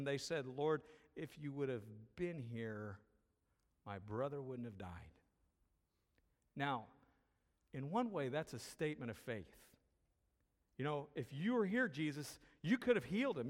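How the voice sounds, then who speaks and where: Preaching man in a reverberant hall. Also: on the high side. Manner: reads scripture, then preaches conversationally with asides and humor. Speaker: pastor. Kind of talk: sermon.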